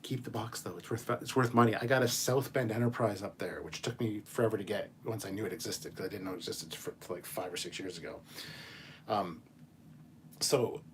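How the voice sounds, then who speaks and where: A man hosting a casual chat show, reading viewer messages and ranting in an animated, profane way. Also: on the low side, fairly quick, slight background noise. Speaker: channel host.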